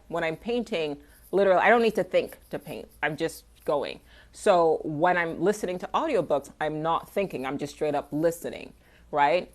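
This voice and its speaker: A young woman chatting candidly on a livestream, answering viewers' questions in a rambling, loose way and swearing freely. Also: sits low. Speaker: artist hosting a livestream. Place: home, livestream.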